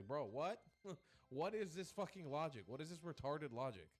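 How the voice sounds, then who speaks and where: A man's voice: fairly high pitch, big pitch swings, normal speed. A man hosting a live stream, giving heated, crude, repetitive ranting commentary on clips.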